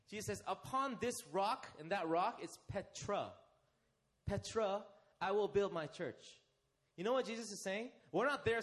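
A young man delivers a sermon in a high, animated voice that rises and falls freely. He keeps questioning his congregation and drawing them in. He slows right down to stress the phrases that matter. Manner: interactive, asks the congregation questions and leads them. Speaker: preacher.

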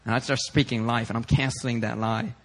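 A young male pastor telling a lively, casual story in a sermon, slipping in Korean phrases. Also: mid-range voice, fairly quick.

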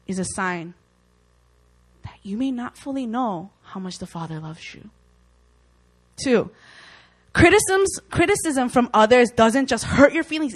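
Her mid-range voice comes through a low-quality recording at normal speed, lively as she delivers an informal Christian teaching. Earnest and conversational, this young woman voices anxious inner thoughts along the way.

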